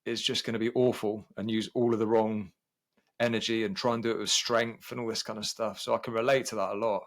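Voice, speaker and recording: A man's voice: lowish voice, level tone, fast. A man, a podcast host chatting openly about his own experience. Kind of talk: casual conversation.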